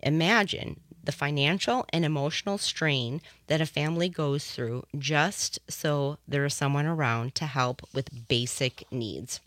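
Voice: mid-range voice, a little slow, few pauses, fairly bright tone, dry recording. A radio talk show host giving impassioned, personal commentary into a studio microphone.

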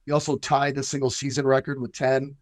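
Halting, earnest football coach, man. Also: mid-range voice, completely flat delivery, dry recording. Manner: earnest, halting with many fillers. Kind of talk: casual radio interview.

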